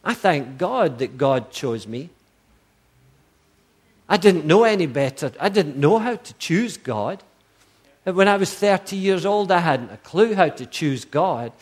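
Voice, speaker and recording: A middle-aged male pastor delivers a sermon with emphatic conviction. He presses his points through a string of repeated rhetorical questions. His voice sits a little high for a man. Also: animated, unhurried, husky.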